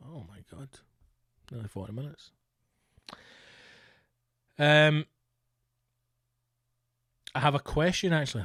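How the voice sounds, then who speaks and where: A Scottish man hosts a comedy podcast on his own, ranting in a fairly high voice. He swears freely and keeps firing exasperated rhetorical questions at the listener. The recording is dry, with no room sound. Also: animated, slow pace, long pauses, fairly bright tone, no echo. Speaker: podcast host. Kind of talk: solo comedic rant podcast.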